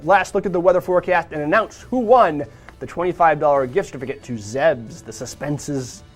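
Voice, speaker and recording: A man's voice: fairly high pitch, fairly quick, faint music behind. Chatty upbeat male morning show host. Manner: upbeat, chatty, rambling asides. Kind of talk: live morning radio show.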